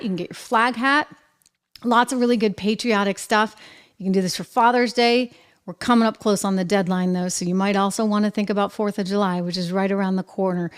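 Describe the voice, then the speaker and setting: A middle-aged woman hosting her own show, talking in a chatty, upbeat monologue full of lively asides. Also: mid-range voice. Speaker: show host. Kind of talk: casual monologue to camera.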